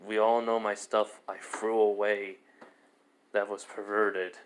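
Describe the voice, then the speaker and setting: A calm, earnest teenage boy, voiced by a man in a casually told fan story. He sounds serious and determined, keeping his low voice steady and low-key. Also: slow pace.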